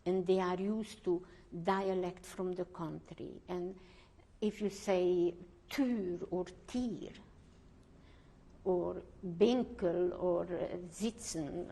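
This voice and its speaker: Older woman, English, slow deliberate testimony, halting, hunts for words. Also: on the low side, gravelly, warm tone. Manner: slow, searching for words, pauses and restarts. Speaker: Holocaust survivor interviewee. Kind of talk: oral history testimony.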